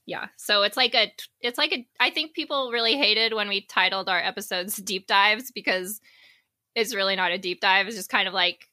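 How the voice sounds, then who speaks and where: A woman's voice: medium pitch, normal speed, pushed and bright, no room sound, clean studio sound. A woman co-hosting a podcast in casual, rambling chat, full of fillers and jokes. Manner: rambling, filler-heavy, joking. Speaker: podcast co-host.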